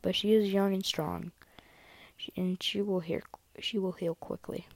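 Spotted Leaf, a woman voicing a calm young she-cat healer. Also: mid-range voice, unhurried, creaky, dry recording. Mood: reassuring. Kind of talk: whispered role-play.

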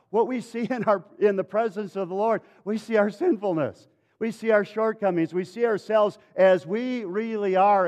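High-voiced man preaching a dramatic sermon. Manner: dramatic, swinging from loud to hushed. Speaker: pastor.

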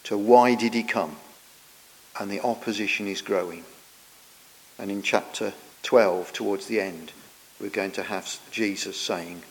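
A man preaching a sermon, earnest and explanatory, often trailing off softer at the ends of phrases. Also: fairly low pitch, unhurried, long pauses, slight background noise. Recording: long church reverb.

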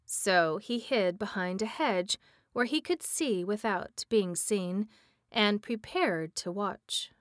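A woman reading a storybook aloud, measured and expressive. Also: mid-range voice, dry recording, studio quality. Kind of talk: storybook read-aloud narration.

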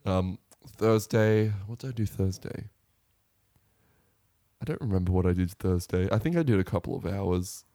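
A man's voice: deep voice, normal speed, mellow, dry recording, studio quality. A young man co-hosting a podcast, telling easygoing stories about his week. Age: young adult. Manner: laid-back, easygoing storytelling. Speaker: podcast co-host. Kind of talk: casual chat.

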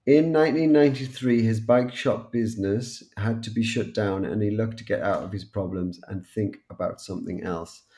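A man from North East England with a Newcastle accent, co-hosting a casual podcast and talking in a blunt, relaxed way. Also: fairly low pitch, moderate pace, hardly any pauses. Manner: relaxed, blunt, swears and laughs easily. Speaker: podcast co-host.

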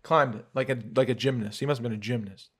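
Man, podcast host, casual chat, animated storyteller, mid-pitched voice. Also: quick pace, a little hiss or hum. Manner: animated storyteller, swearing, laughing often.

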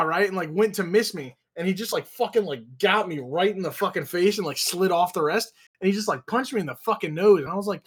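Young male podcast co-host on a video call: loose, profane storyteller, a touch high-pitched. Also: expressive, brisk, a bit bright, husky. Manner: rambling, profane, heavy use of filler "like". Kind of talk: casual chat.

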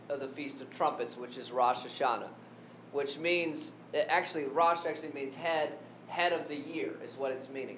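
A man preaching a sermon who keeps asking the congregation questions. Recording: echoey room with faint rumble.

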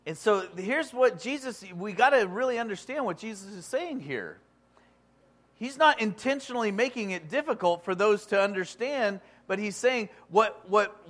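A man preaching in a somewhat high voice, talking to his listeners like a friend. He drops into quiet asides, then turns loud and emphatic, stretching out key words. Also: expressive, a little slow. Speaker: pastor. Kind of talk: sermon with Bible reading.

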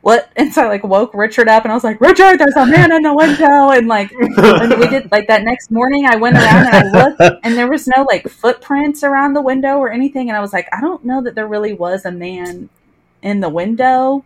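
A woman's voice: fairly high pitch, brisk. Chatty, laughing woman podcast host. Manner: chatty, laughs easily, quotes herself. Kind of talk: casual podcast chat, storytelling.

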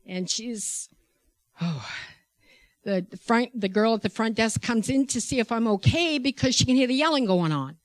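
A woman who works in healthcare tells a personal faith testimony in an animated way. She laughs often and acts out the people she quotes. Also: on the high side, normal speed, no room sound. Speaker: healthcare worker.

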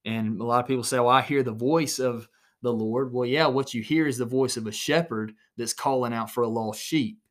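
A man's voice: medium pitch, steady tone, brisk, fairly bright tone. A man preaching an earnest recorded sermon alone in his small office, repeating phrases for emphasis.

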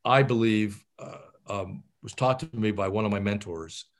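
A man's voice: on the low side, moderate pace. A middle-aged man, a surgeon, gives career advice in an interview, talking animatedly with many fillers and restarts.

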